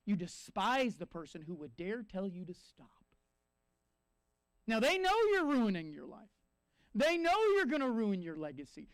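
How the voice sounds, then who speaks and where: A pastor delivers his sermon with a strikingly high voice. He preaches in an animated way, slipping into quoted voices to drive points home. The sound is dry and close. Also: normal speed, smooth, no room sound. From United States.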